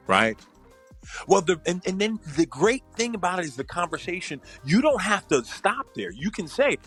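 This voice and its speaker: A man's voice: high-pitched, big pitch swings, normal speed, a bit bright, faint music behind. A man, a psychologist hosting a podcast, giving casual relationship advice and acting out what partners might say to each other.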